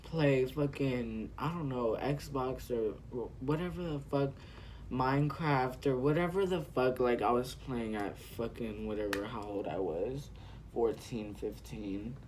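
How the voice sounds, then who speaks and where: Sassy, profane teen vlogger. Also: male voice, medium pitch, a little slow, a little mellow, slight background noise. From California. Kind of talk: storytime while doing makeup.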